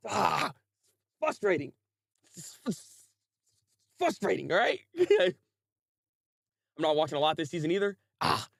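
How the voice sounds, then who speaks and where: A young man hosting a casual anime review livestream, talking in an animated way, laughing often and chatting with viewers. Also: a little high, measured pace, vocal fry, long pauses, no room sound, clean studio sound.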